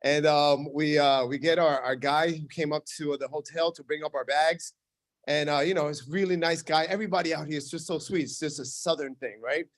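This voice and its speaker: A man with a New York City accent and a high, light voice tells a humorous story to a crowd at a launch event. He peppers his talk with "right?" and filler sounds. The sound is dry and close. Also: fairly quick, dry recording. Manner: jokey, animated, frequent "right?" and "uh". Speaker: speaker at a business launch event. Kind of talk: storytelling onstage speech. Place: event room with an audience.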